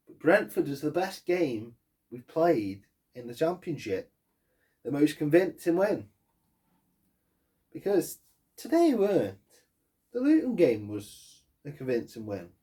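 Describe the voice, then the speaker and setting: A football fan vlogger launches into an angry post-match rant, swearing heavily and hammering home every point with emphasis. His voice sits at a medium pitch with a darkish tone.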